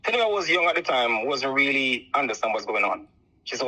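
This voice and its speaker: A man's voice: medium pitch, animated, fast, pushed and bright. A Jamaican man calling in over the phone to tell a long personal story, rambling and repeating "so forth like that.". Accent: Jamaican, softened by years abroad. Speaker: caller. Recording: muffled phone line.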